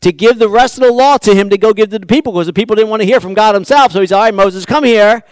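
A male pastor preaching a sermon, asking the congregation rhetorical questions and swinging from quiet asides to loud, emphatic passages. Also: high-pitched, rapid-fire, dry recording.

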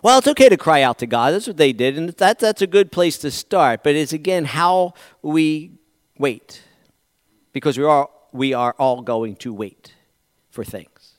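A pastor preaching a conversational sermon, swinging from loud bursts to near-whispers. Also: male voice, a little high, unhurried, dry recording, studio quality. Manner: animated, conversational preaching with dramatic swings in volume.

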